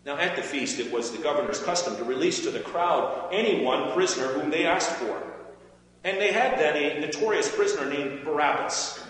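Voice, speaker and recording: A man giving a measured, expressive scripture reading in a church. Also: a little high. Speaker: scripture reader. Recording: echoey hall with faint hum.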